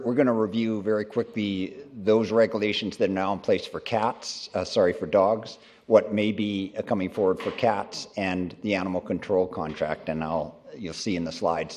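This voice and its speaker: Deep-voiced man, echoey council chamber. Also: darkish tone. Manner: hesitant, many fillers and restarts. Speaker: city director presenting a staff report. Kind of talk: formal report to council. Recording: long reverb of council chamber.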